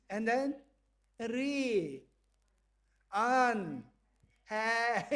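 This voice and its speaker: A man with a high voice gives a lecture in a slow, unhurried way. He leads the group through an exercise, playfully acting out small dialogues and laughing along the way. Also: animated. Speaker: visiting professor lecturing. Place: lecture hall.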